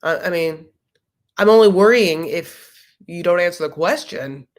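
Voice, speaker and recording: A woman with a fairly low voice hosts a casual live reaction chat as a recap show host. She speaks a little slowly in a chatty, sassy manner, tossing out jokes and little asides as she goes.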